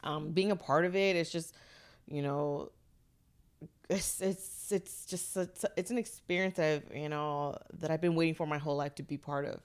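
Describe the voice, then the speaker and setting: A woman chef chatting casually, animated and laughing often, swearing freely. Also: sits low, normal speed, clear, resonant tone. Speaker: chef, guest. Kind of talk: casual tipsy chat.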